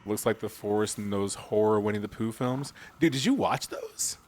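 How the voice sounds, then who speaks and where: Low-voiced joking man streamer. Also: normal speed, darkish tone. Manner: joking, chatty, laughs often. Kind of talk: casual gameplay commentary. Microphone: desk mic with webcam.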